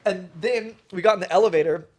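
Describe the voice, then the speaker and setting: A podcast co-host with a high voice talks fast in casual chat. He tells stories enthusiastically and rambles, leaning heavily on "like" as filler.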